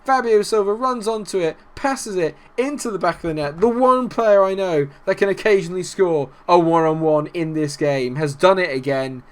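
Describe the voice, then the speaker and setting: A young man commentating his own football management game, exasperated, swinging from low muttering to shouting at his players. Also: normal speed, few pauses. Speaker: gaming YouTuber. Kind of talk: let's-play commentary.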